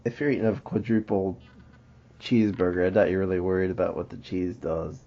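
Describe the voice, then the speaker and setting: A man's voice: low-pitched, fairly even intonation, brisk, warm tone. A man from the United States co-hosting a podcast, teasing and rambling in casual chat with many fillers. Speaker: podcast co-host. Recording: dull lo-fi podcast audio.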